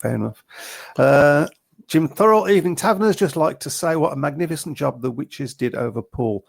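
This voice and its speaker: A man's voice: medium pitch, expressive, normal speed, creaky. A man hosting a casual sports podcast, chatting and reading out listener messages, chuckling now and then. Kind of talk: casual chat.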